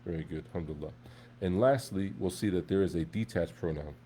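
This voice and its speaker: Low-voiced man teaching a class. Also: fast, mellow, slight background noise. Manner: conversational, checks in often with "right?" and "okay?". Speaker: Arabic teacher. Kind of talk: live classroom lesson.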